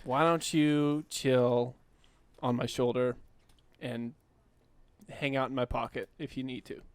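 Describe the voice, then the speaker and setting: A man's voice: medium pitch, fairly even intonation, takes it slowly, clean tone, dry recording. An easygoing man playing a tabletop game, chuckling as he talks. His voice is recorded close and dry. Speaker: player. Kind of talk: casual tabletop play.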